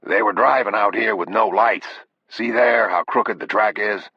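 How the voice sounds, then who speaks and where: A man's voice: on the low side, husky, no room sound, voice pushed up. Man voicing a grim, laconic Texas sheriff. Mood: matter-of-fact. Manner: slow, laconic drawl. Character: weathered older male Texas sheriff, calm and grim. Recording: dull, dry lo-fi audio.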